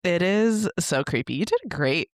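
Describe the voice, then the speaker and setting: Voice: medium pitch, lively intonation, moderate pace, no echo, clean studio sound. A podcast co-host chatting casually, eagerly unpacking ideas about a film as they talk. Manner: enthusiastic and analytical, builds ideas aloud. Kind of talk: casual chat with film analysis.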